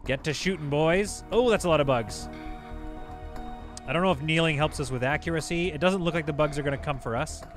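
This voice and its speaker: A man giving chatty, excitable let's-play commentary while playing a space game, laughing often, with game music behind. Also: on the high side, fairly quick. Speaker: gaming YouTuber.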